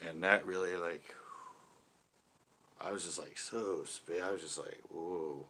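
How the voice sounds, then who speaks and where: A man with a fairly low voice tells a long, rambling story to his live chat. He stops and restarts his sentences often. His tone stays casual and animated throughout. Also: measured pace, slight background noise. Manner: animated, lots of restarts and self-corrections. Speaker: channel host talking to live chat. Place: home porch.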